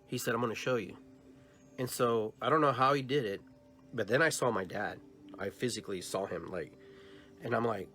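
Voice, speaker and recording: A man's voice: medium pitch, brisk, faint music behind. Male podcast host telling a dream story. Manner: animated retelling, acts out both sides of dialogues; long trailing phrases with filler and restarts. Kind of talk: personal storytelling.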